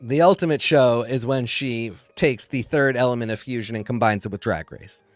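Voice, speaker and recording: A man co-hosting a podcast in casual chat, dropping dry, quick wisecracks. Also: medium pitch, no echo, faint music behind. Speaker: podcast co-host.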